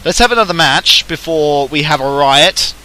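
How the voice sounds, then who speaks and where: A high, bright Australian man chatting on a game stream. He talks in a loose, joking way and pokes fun at himself. His voice is light and tends to rise. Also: animated, normal speed, rough recording. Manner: playful, joking, self-mocking. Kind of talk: casual gaming stream chat.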